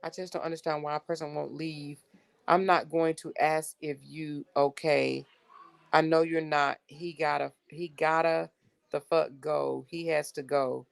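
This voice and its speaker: A woman's voice: sits low, flat delivery, unhurried, vocal fry, clear, resonant tone. A woman hosting a casual livestream, reading text messages aloud to her viewers in an exasperated, blunt way and swearing freely. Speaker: livestream host.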